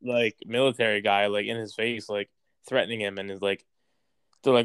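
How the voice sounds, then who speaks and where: A man's voice: fairly low pitch, fairly even intonation, fast talker, smooth, dry recording. A young man telling a story in casual conversation, rambling and using "like" constantly. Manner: rambling, heavy use of "like".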